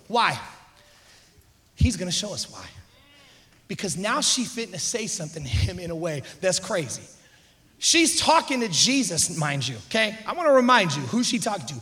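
A man preaching a sermon as pastor, animated, acting out characters with shifting voice and loudness. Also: sits high, moderate pace.

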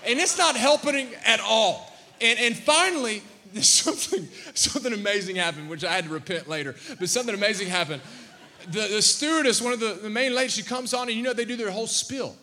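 A man in his thirties preaching a sermon, telling stories with lively restarts and repeated words. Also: very high-pitched, long reverb tail. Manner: animated storytelling with repeated restarts. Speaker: pastor.

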